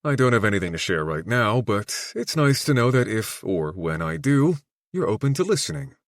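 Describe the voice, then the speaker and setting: A man's voice: mid-range voice, sing-song, normal speed, no room sound, clean studio sound. A man narrating a romance audiobook in the first person, wry and introspective.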